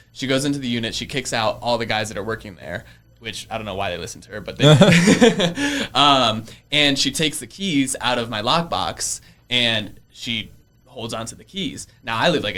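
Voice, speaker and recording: A man's voice: mid-range voice, bright, forceful tone. A man in his early twenties, a real estate investor, chatting casually on a podcast, laughing often and using lots of fillers. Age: early 20s. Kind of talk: casual storytelling interview. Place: podcast studio.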